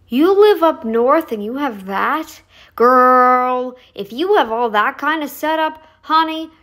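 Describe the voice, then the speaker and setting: A woman's voice: a little high, a bit bright. A woman giving casual, blunt reaction commentary on a video, chatty and frank. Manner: chatty, blunt, says "dude" and "honey".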